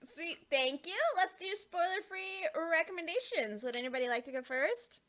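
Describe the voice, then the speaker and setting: A woman's voice: extremely high pitch, lively intonation, moderate pace, fairly bright tone. A woman hosting a casual podcast, upbeat and giggly as she runs the show. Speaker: podcast host. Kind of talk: casual chat.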